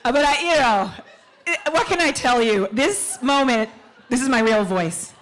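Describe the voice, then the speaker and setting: A woman performer from Queens, New York, speaking to an audience from a stage in an excited, animated way with quick asides. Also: a little high, poor audio. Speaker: actor and performer. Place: stage at a town hall event.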